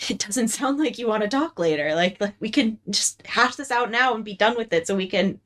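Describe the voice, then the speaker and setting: A woman doing an anxious, hurried young woman. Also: fairly high pitch, lively intonation, a bit bright, voice pushed up.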